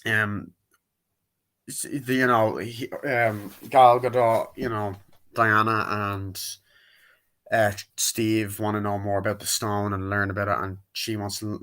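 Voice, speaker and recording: A man's voice: lowish voice, little pitch movement, unhurried, fairly bright tone. A man giving a casual, rambling movie review, full of fillers, jokes and swearing. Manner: rambling, profane and jokey, many fillers.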